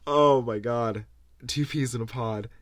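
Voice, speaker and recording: A man's voice: medium pitch, a little slow, no echo, clean studio sound. Tired, sarcastic male podcast host. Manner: sarcastic, swears freely, laughs mid-sentence. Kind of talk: casual rant.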